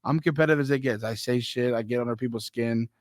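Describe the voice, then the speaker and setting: A brash, profane man rattles through sports talk at a quick clip. His voice is mid-pitched and sounds dry and close to the mic. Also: no room sound. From Philadelphia. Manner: brash, profane, fast, laughs a lot. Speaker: podcast co-host. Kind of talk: casual sports chat.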